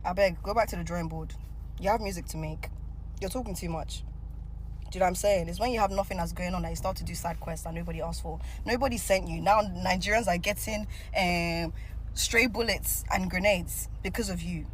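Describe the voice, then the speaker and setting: A woman's voice: fairly low pitch, fairly quick, a little hiss or hum, poor audio. A woman ranting in a reaction video, sassy, scolding and sarcastic.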